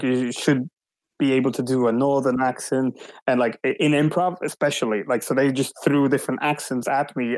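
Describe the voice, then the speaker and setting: Halting man with dry sound. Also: medium pitch, a little mellow, no echo, poor audio. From Sweden. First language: Swedish. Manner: halting, thoughtful, frequent restarts. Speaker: guest. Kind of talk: casual interview.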